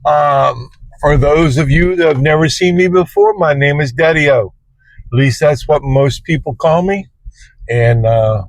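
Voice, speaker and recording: A man's voice: medium pitch, no room sound. Plain-spoken man telling a story from his car. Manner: plain-spoken, colloquial, rambling. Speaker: Uber driver and vlogger. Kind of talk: casual storytelling to camera. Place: inside a parked car.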